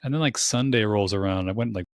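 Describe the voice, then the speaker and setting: A man's voice: on the low side, fast, dry recording, studio quality. Laid-back rambling podcast host, man. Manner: casual, rambling, swears, many "like" fillers, laughs easily. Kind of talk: casual conversational interview.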